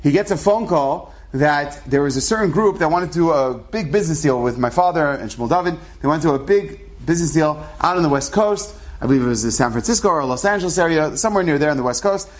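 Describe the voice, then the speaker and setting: Male storyteller, fairly high voice, rambling, chatty, asides. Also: animated, quick pace, few pauses. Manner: rambling, conversational, many asides. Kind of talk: casual spoken storytelling.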